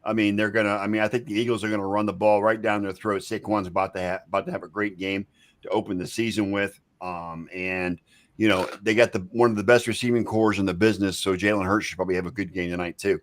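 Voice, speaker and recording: A man hosting a casual sports chat, relaxed and hedging his points. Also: fairly low pitch, fast. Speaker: host.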